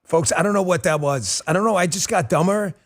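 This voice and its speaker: Brief: forty-something male show host, blunt and emphatic, live-stream commentary, slightly high voice. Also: fairly quick. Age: 40s.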